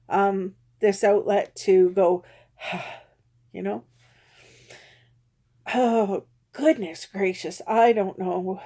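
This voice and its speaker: Woman vlogger, soft dark tone, candid confessional rambling, self-critical. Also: medium pitch.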